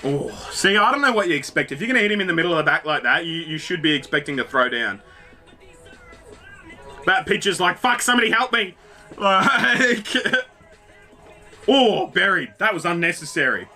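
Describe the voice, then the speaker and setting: Guy, reaction host: high, sharp, excitable, swears a lot. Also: moderate pace, long pauses, soft background music. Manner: excitable, swears freely, talks to the screen. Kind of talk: casual reaction commentary.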